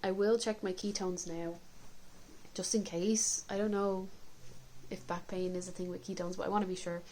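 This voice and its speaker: A woman's voice: mid-range voice, flat delivery, moderate pace, a little mellow, slight background noise, rough recording. A woman vlogger talking candidly and chattily in a home video diary, coughing now and then. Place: indoors at home.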